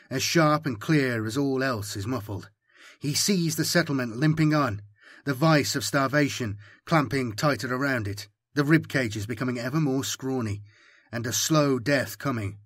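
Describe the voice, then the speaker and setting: Brief: male narrator, grave and measured, slightly raspy, dry close-miked read. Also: medium pitch, fairly bright tone, no room sound. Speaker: audiobook narrator. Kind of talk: scripted audiobook narration.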